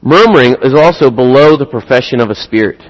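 A man's voice: mid-range voice, brisk. A man preaching a sermon in an earnest way, driving points home with repeated rhetorical questions. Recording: long hall reverb.

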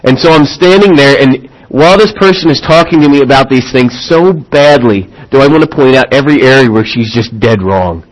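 A man's voice: medium pitch, a little fast, hardly any pauses, rough recording. A man preaching a sermon, telling an illustration with growing intensity and checking in with "all right?". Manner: animated storytelling, rising in intensity; addresses listeners with "all right?".

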